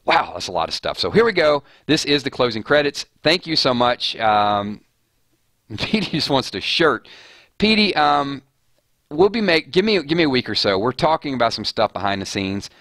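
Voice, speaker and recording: A man's voice: medium pitch, big pitch swings, moderate pace, fairly bright tone, no room sound. A man hosting a casual live stream about a TV series, talking in a rambling way with frequent restarts and filler words.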